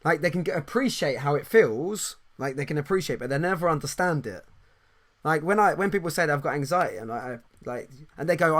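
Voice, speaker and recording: A man hosts a casual podcast chat, his voice sitting a little high for a man. He talks animatedly, tripping into restarts and repeated words and laughing often. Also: animated, brisk, fairly bright tone. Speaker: podcast host and coach.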